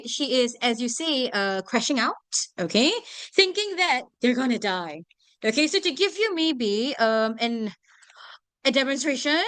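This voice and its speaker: A woman's voice: high voice, fairly bright tone, no echo. A young woman teaching an English vocabulary lesson to a class, often checking whether students follow. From Singapore. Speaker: English tutor.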